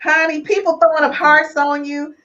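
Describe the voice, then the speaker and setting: A woman hosts a relationship podcast with a slightly high voice. She teases her guests and gets emotional. The audio is dull and lo-fi, like a live stream. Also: normal speed. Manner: animated, teasing, emotional. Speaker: podcast host. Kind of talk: lively relationship podcast chat.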